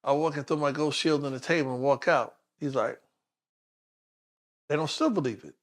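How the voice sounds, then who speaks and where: A man's voice: on the high side, normal speed. A man, a police detective telling stories in a casual interview and acting out the people in them. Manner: animated storyteller, acts out other people's voices. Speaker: retired police detective, guest.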